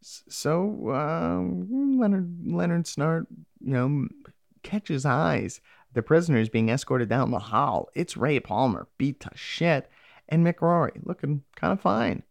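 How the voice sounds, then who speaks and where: Gravelly man doing a profane recap. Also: fairly high pitch, expressive, slow pace, dry recording. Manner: profane, rambling, sarcastic asides. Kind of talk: casual episode recap.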